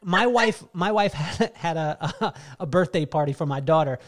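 Laughing, animated male podcast host. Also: a little high, normal speed. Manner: animated storyteller, laughs often. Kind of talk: casual chat.

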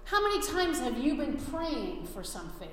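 A woman's voice: high-pitched, big pitch swings, moderate pace. A woman preaching a sermon earnestly, with frequent restarts, acting out the voices she quotes. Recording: very echoey hall, faint room ambience.

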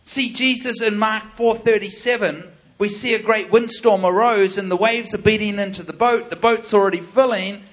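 A man preaching to a live audience, telling stories in an animated way and acting out the voices. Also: sits high, moderate pace, few pauses. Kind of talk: sermon with storytelling.

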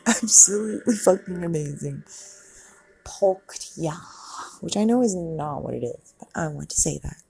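Low, creaky woman reacting to a film. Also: lively intonation, moderate pace, warm tone, slight background noise. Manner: swears freely, chatty, laughs and exclaims at the screen. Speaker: movie reaction vlogger. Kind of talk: casual movie reaction commentary.

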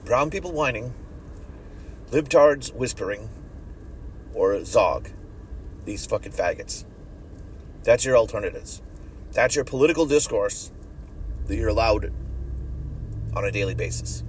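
A podcast host delivering a profane, sneering rant in an angry monologue. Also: male voice, lowish voice, expressive, measured pace, long pauses. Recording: distant mic with loud traffic noise.

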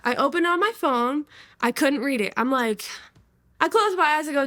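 Lively young woman telling her testimony. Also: sits high, normal speed, no echo. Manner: lively, laughs often, slangy. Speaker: interview guest. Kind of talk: casual testimony storytelling.

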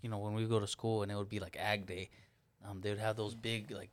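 A man in a casual group chat, telling a story in a relaxed, rambling, joking way. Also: lowish voice, quick pace.

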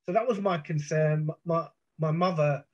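A man's voice: on the high side, normal speed, a little mellow. A middle-aged man from the United Kingdom, a podcast guest, intensely retelling a personal ordeal with vivid detail, restarts and swearing. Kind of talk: emotional first-person storytelling. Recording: muffled, dull podcast audio.

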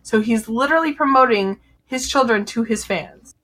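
A woman's voice: on the high side, normal speed, fairly bright tone. A woman podcaster in casual livestream chat, indignant and rambling as she talks. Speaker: podcaster, talk guest.

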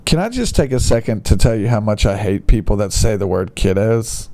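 A man's voice: on the low side, expressive, fairly quick, hardly any pauses, darkish tone. A man reading online posts aloud and mocking them in an exasperated, sarcastic comedic rant. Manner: exasperated, mocking, mild bleeped-style cursing.

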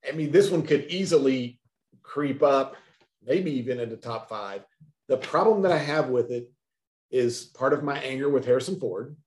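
A man's voice: mid-range voice, expressive, moderate pace, darkish tone, reverberant. Wry opinionated man chatting. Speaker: podcast co-host. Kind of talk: casual chat.

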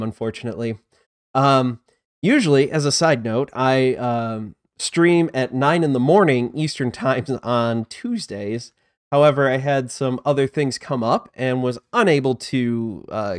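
A man's voice: medium pitch, no echo. Chatty male disc golf stream host, dry sound. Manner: chatty, self-deprecating, greets chat viewers mid-topic. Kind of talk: casual live-stream commentary.

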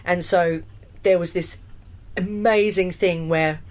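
A woman, a musical theatre performer chatting in an interview, animated and full of fillers and restarts. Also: lowish voice, takes it slowly. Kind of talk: casual interview storytelling.

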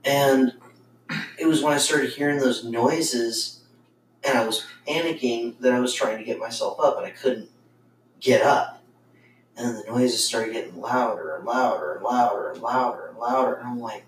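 A man's voice: mid-range voice, normal speed. A man casually telling a ghost story on a podcast, rambling with lots of swearing and fillers. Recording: roomy, distant mic with faint noise.

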